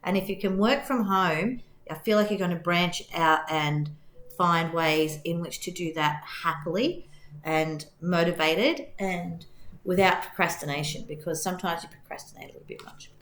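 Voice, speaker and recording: Woman tarot reader, reassuring and meandering, a bit hoarse, recorded in an echoey room. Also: lowish voice, steady tone, normal speed. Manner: gentle, reassuring, rambling. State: losing her voice. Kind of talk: tarot reading to camera.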